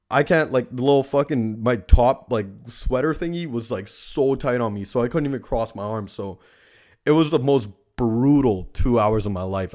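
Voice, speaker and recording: A young man with a middle-pitched voice rants through a casual monologue. He swears constantly and leans on "like" as a filler, with a loose, profane delivery. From Canada. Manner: profane ranting, heavy use of "like". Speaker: podcast host.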